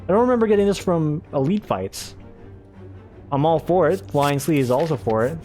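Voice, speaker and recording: A man's voice: fairly high pitch, lively intonation, moderate pace, darkish tone. Man, let's play commentary, rambling, chatty, trips over words, casual swearing, faint music behind.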